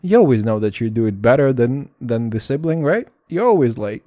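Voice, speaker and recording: A man's voice: medium pitch, brisk, few pauses, dry recording, studio quality. Profane, rambling casual male vlogger. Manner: profane, animated, repeats "dude" and "all right".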